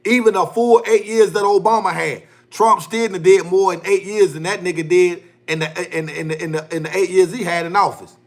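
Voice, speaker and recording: A man's voice: sits high, fairly even intonation, normal speed, hardly any pauses. A man hosting his own livestream, ranting heatedly in loose slangy speech and repeating himself. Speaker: livestream host. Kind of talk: casual livestream rant.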